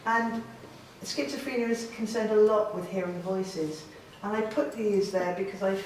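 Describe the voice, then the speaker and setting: A woman's voice: medium pitch, a little mellow, recorded from a distance, slight background noise. A woman artist giving an informal, enthusiastic gallery talk to an audience, chatty and self-deprecating. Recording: very echoey room, voice from afar.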